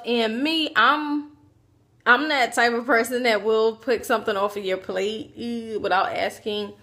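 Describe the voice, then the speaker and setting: A woman telling a personal story to her camera in a casual, animated way, acting out what people said. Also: on the high side. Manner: animated, acts out quoted voices, chatty asides. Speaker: vlogger.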